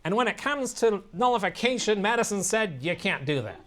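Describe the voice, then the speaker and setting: A nasal, whiny male talk-radio pundit with a grating voice, as a speaker puts him on. The voice sits a bit higher than the speaker's usual talk and rises further for the impression. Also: expressive, fairly quick, a bit bright. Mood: mocking.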